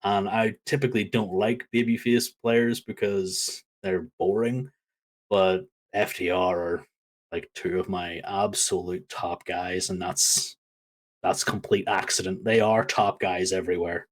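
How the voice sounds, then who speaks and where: A man co-hosting a wrestling podcast, talking casually in an animated, rambling way with many fillers. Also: deep voice, measured pace. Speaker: podcast co-host.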